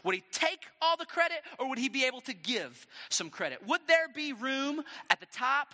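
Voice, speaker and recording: A male pastor preaching a sermon with dramatic, animated storytelling and rhetorical questions. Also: extremely high pitch, normal speed, in a large hall.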